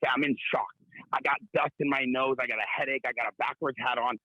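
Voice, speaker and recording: A man in his thirties from Southern California calls in to the show and rattles off cocky, comic stories at breakneck speed. His voice is bright and forceful. The line sounds muffled and dry, with no room around it. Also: medium pitch, steady tone, no room sound. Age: 30s. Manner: brash, rapid-fire bravado. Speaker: call-in guest. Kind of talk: boastful comic storytelling.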